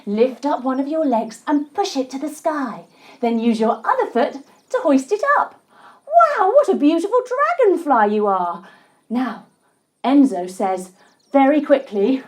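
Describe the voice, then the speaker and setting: Woman instructor, high and unhurried, playful storytelling for kids' yoga. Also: sing-song. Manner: gentle, playful, guiding movements. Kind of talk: storytelling yoga lesson for children.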